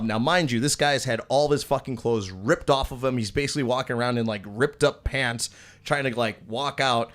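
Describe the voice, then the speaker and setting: Young male podcast host, rambling storyteller, average pitch, swears constantly. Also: brisk, a bit bright. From Wisconsin. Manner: profane, rambling, acts out quoted dialogue. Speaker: podcast host, former strip club DJ. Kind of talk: casual storytelling chat.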